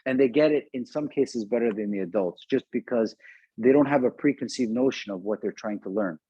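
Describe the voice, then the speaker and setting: A man's voice: mid-range voice, fairly quick, mellow, breathy edge, dry recording, muffled recording. A man teaching a live online martial arts class, conversational and often checking in with questions. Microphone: video call.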